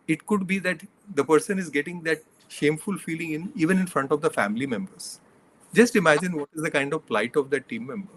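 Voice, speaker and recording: A man's voice: a little high, fairly bright tone. A middle-aged man, a leadership coach, giving earnest interview answers that he builds from examples and numbered points.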